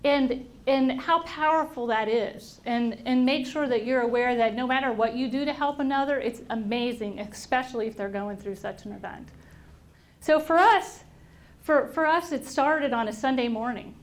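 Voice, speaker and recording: A middle-aged woman speaking to an audience, telling a personal story in an animated way and acting out the voices of people she quotes. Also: on the high side, moderate pace. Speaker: invited speaker. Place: auditorium at a workplace event.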